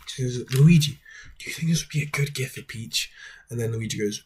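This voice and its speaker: A man's voice: medium pitch, lively intonation, moderate pace, creaky, noisy background. A man hosting a video essay, giving casual critical commentary in a wry, rambling way.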